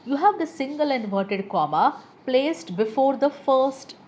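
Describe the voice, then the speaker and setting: Female teacher, slow and expressive, lesson on word stress. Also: high voice. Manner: slow, careful, reads example words twice. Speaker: English teacher. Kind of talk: pronunciation lesson.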